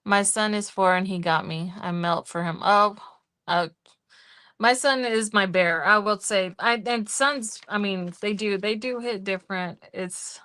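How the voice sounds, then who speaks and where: Slow-talking woman hosting a budget livestream. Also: mid-range voice, sharp tone, clean tone. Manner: chatty and easygoing, counts cash aloud. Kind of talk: casual live-stream chat.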